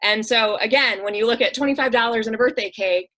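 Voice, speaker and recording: In poor audio, a woman with a slightly high, pushed and bright voice talks at a quick pace. She's a nonprofit director guesting on an interview show, telling heartfelt stories in an earnest, conversational manner, acting out quoted voices with frequent "um" and "like."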